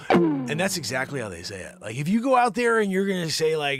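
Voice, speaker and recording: A man hosting a live daily variety show, rambling through the news with jokes and sudden loud outbursts. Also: fairly high pitch, big pitch swings, quick pace, dry recording. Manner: rambling, jokey, bursts into mock voices and shouts.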